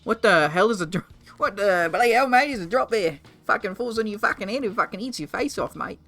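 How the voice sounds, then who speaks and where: A man's voice: sits high, animated, brisk, sharp tone, soft background music, pitched above the performer's own voice, exaggerated voice. A young man putting on a broad Australian accent to play a crude, swearing Australian bloke. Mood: boisterous. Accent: put-on Australian. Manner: swearing, boisterous slang-heavy. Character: brash crude adult male Australian bloke.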